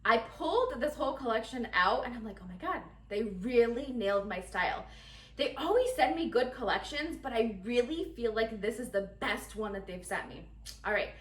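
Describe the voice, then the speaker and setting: A woman's voice: a little high, a bit bright, far from the mic. Chatty giggly woman in an echoey room. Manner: chatty, giggly, talks straight to viewers. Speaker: fashion vlogger. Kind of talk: casual try-on haul chat.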